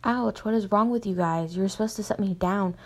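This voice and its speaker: A woman's voice: mid-range voice, brisk, darkish tone, natural voice. A woman reading as a whiny teen cheerleader. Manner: reads plainly with little change of voice. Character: teen cheerleader girl, whiny then frightened.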